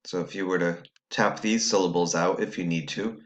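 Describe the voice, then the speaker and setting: A man's voice: low voice, fairly even intonation, normal speed, few pauses, a bit bright. A man teaching a recorded phonics lesson, patiently explaining step by step to students at home.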